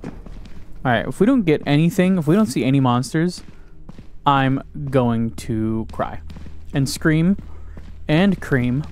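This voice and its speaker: A man's voice: fairly high pitch, lively intonation, measured pace, long pauses, a little mellow. A young man giving casual gaming commentary, joking crudely, talking to himself and yelping when startled. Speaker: gaming YouTuber.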